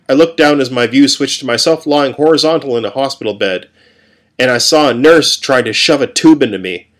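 Man calmly narrating a story. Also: medium pitch, normal speed. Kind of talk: first-person story reading.

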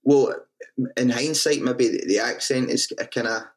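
A man's voice: medium pitch, normal speed. A Scottish man, a band frontman, telling stories in a casual interview, swearing freely and often restarting his sentences. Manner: swears freely, restarts a lot, self-mocking.

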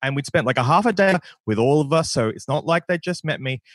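Dry comedian with a lively voice. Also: male voice, a little high, background noise. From Australia. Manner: dry, self-mocking delivery with pauses for laughs. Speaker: stand-up comedian. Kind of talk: stand-up comedy set.

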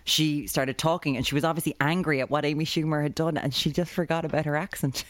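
A woman co-hosting a podcast in casual chat, reacting with animated disbelief. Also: sits low, fast talker. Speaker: podcast co-host.

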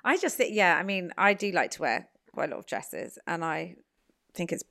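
A woman's voice: lowish voice, expressive, moderate pace, vocal fry, pushed and bright. A woman co-hosting a casual fashion chat, supportive and easygoing. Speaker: podcast co-host.

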